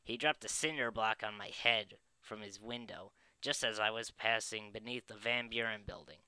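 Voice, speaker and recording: A man's voice: fairly low pitch, fairly even intonation, normal speed, bright, forceful tone, clear, resonant tone, no echo. A man voicing an indignant elderly male caller in a put-on old man voice.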